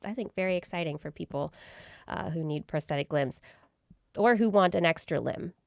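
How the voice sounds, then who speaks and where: A woman's voice: on the low side, moderate pace, gravelly, dry recording, clean studio sound. A woman co-hosting a science podcast, explaining a new study in casual talk with many fillers and restarts. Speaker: podcast co-host.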